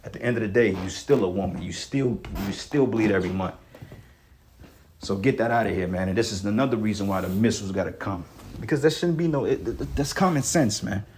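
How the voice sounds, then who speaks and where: A man reading scripture aloud and breaking into blunt, profane commentary, often tagging his lines with "okay" and "man." He reads single words slowly, giving each one weight. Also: fairly low pitch, darkish tone, slight background noise. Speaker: scripture teacher.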